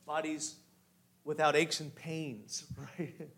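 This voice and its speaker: A man preaching a sermon who moves from hushed storytelling to loud, rising exhortation and asks the congregation direct questions. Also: fairly high pitch, moderate pace. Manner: guides listeners with direct questions. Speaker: pastor.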